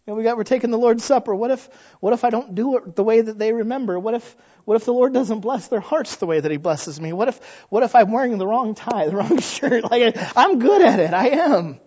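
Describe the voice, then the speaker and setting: A male pastor preaching a sermon, animated and folksy, asking rhetorical questions and joking at his own expense. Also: very high-pitched, a little fast, few pauses, slightly rough, dull audio. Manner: animated, frequent rhetorical questions and self-deprecating humor.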